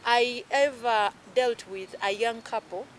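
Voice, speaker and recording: Woman, Ugandan accent, thirties, coach, animated, slightly high voice. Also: takes it slowly, slight background noise. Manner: animated, mixes English with Luganda phrases. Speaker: emotional healing coach, guest. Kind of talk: casual chat.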